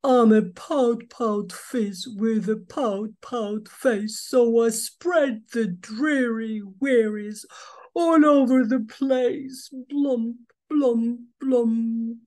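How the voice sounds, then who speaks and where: A woman's voice: on the high side, pitched above the performer's own voice. A woman doing a gloomy pout pout fish. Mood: glum chant. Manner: slow rhyming chant, louder and drawn out. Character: gloomy sulking male fish, sing-song rhymes.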